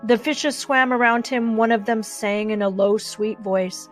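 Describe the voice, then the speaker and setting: A woman narrating a children's novel in a gentle, measured way. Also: fairly high pitch, fairly even intonation, soft background music. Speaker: audiobook narrator. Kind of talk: audiobook narration.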